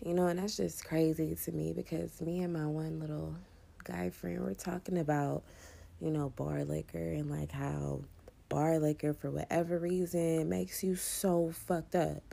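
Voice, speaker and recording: A woman's voice: low voice, little pitch movement, measured pace, vocal fry, mellow. A young woman chatting casually and profanely to her vlog audience, laughing often and saying she is hungover. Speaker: vlogger.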